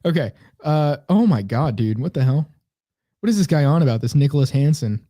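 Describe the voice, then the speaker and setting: A man's voice: a little high, animated, a little fast, mellow, dry recording, clean studio sound. A man co-hosting a casual comedy podcast, rambling and sarcastic as he reads comments aloud. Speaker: podcast co-host.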